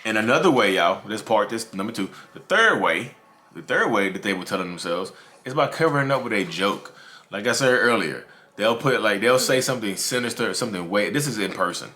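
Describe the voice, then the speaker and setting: A man's voice: lowish voice, animated, a little fast, sharp tone. A man hosting his own channel, talking casually to camera, repeating himself and calling his viewers "y'all". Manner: repetitive, addresses viewers as "y'all". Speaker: YouTube host talking about narcissism.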